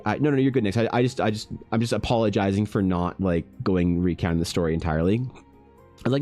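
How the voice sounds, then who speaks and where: Low-voiced man chatting while drawing. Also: quick pace, darkish tone, faint music behind. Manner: rambling, restarts often, swears freely. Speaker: artist streaming while drawing. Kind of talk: casual chat with stream viewers.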